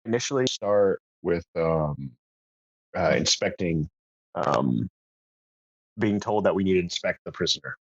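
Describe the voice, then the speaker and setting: A man playing a tabletop game, talking in a hesitant, halting way. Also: sits low, animated, no echo, dull audio. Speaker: player.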